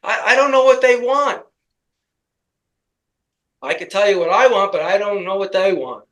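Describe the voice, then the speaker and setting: A man co-hosting a casual commentary chat, talking in a rambling, halting way with many restarts. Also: sits high, expressive, fairly bright tone, muffled recording. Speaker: co-host.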